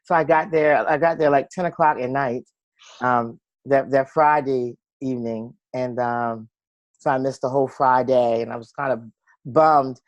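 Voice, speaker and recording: A woman hosts a casual interview, encouraging and chatty, with frequent small affirmations. Her voice is extremely low for a woman. The sound is dry and close. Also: fairly even intonation, moderate pace, dry recording, highs cut off.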